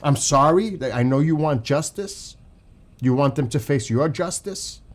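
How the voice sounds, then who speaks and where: A man's voice: fairly high pitch, a little slow. A man with a New York accent hosting a live stream, ranting emotionally and profanely about politics to his chat. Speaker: livestream host. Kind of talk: heated political commentary to chat.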